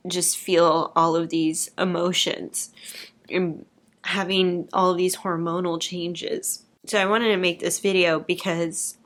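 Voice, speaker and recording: Young woman vlogger, low-ish voice, frank and emotional, casual swearing, talks straight to camera. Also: level tone, slow, a bit bright. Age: young adult. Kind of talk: candid personal vlog.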